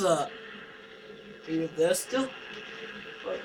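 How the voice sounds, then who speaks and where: Young male gamer, slightly high voice, nervy and shouty horror commentary over a hissy recording. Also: slow pace, long pauses. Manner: jumpy, screaming and taunting. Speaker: gaming YouTuber. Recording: noisy home recording.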